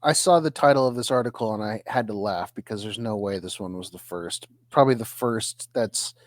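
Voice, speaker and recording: A man co-hosting a podcast in casual chat. He is animated, throws in quick asides, and swears casually. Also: lowish voice, no echo. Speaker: podcast co-host.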